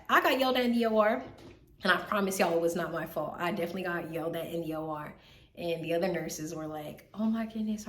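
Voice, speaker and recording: Tired young woman vlogging, rambly and animated, lowish voice, echoey room. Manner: animated storytelling, lots of "like" and repeats. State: tired and recovering from illness. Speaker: medical student vlogger. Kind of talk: casual chat. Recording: echoey room, faint background hiss.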